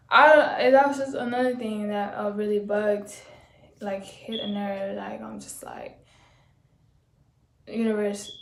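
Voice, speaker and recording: A young woman with a low, laid-back voice, telling a blunt, slangy, swearing story about quitting her job in a casual vlog. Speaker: vlogger. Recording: roomy echo.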